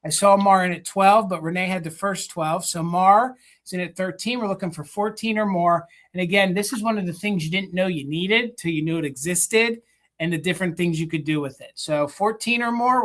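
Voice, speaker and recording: A woman co-hosting a live vintage sale, pitching items in a chatty way with filler words and counting down bids. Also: brisk. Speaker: live sale co-host and seller.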